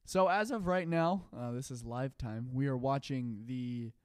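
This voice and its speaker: A man's voice: mid-range voice, a little slow, darkish tone, smooth, no echo, clean studio sound. A young man hosting a casual podcast chat, joking and telling stories as he comments.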